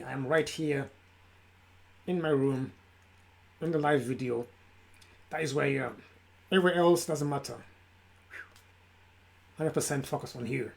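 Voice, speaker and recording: Emphatic man giving a mindfulness pep talk. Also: a little high. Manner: emphatic, repetitive lists. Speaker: self-help speaker. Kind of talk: live motivational talk. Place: his room. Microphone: camera.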